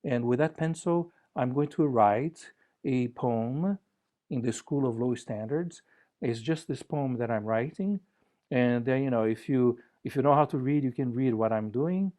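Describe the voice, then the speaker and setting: A man giving a relaxed conference talk over a video call, joking playfully and gently guiding listeners through exercises. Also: mid-range voice, measured pace. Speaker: conference speaker.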